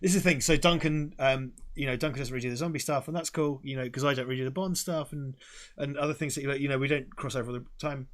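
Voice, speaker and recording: A man's voice: mid-range voice, fairly even intonation, fast, fairly bright tone. A man co-hosting a casual stream, rambling and laughing through slightly drunk banter. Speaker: stream co-host. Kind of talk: casual chat.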